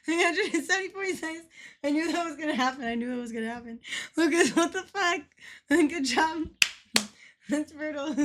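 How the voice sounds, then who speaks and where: Giggly high-voiced woman streamer, drawling. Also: noisy background. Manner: giggly, laughs constantly, swears freely; greets chat by name. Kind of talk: casual livestream chat.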